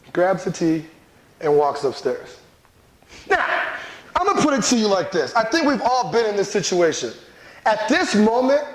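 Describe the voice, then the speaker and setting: A man telling a lively personal story, repeating a running catchphrase for effect. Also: high voice. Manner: animated, repeats a catchphrase for laughs. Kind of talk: storytelling talk. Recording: echoey room.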